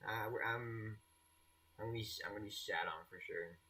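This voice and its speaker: A man's voice: lowish voice, a little fast, bright, forceful tone. A young man streaming a game live, chatting casually and teasing his viewers. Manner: playful, teasing, restarts often, laughs at chat.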